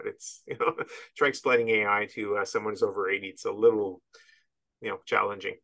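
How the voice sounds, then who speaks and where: A man's voice: lowish voice, fairly even intonation, quick pace, fairly bright tone. A man from Canada, a podcast guest, talking casually and rambling with frequent restarts and chuckles. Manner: rambling, self-interrupting, chuckles at absurdities. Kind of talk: casual interview chat.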